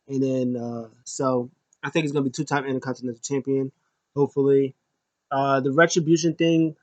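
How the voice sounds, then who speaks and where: A man's voice: medium pitch, a little fast, no room sound, muffled recording. A man recapping a wrestling show in a casual, rambling way, full of ums and uhs. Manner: rambling, filler-heavy, animated.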